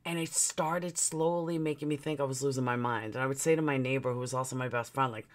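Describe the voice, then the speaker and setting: A woman's voice: a bass voice, steady tone, fast talker, few pauses. A woman vlogger telling a personal story, candid and profane, with emotional swings.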